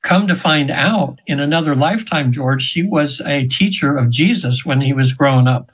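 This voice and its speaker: Husky-voiced man in his seventies. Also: on the high side, normal speed, rough recording. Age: 70s. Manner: rambling, earnest, with many fillers and restarts. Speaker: guest hypnotherapist. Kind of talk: casual storytelling in an interview.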